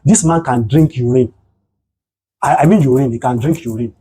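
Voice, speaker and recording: A man's voice: mid-range voice, normal speed, breathy edge, poor audio. A man with a Nigerian accent giving a motivational talk on mental health, telling stories and asking his listeners rhetorical questions. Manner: animated storytelling, rhetorical questions. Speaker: psychotherapist and guest speaker.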